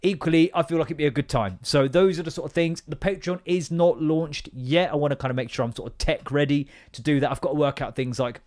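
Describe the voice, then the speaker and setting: A man's voice: fairly high pitch, fast, hardly any pauses, darkish tone. A man with an English accent hosting a casual podcast monologue, rambling, sweary and self-deprecating. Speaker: podcast host.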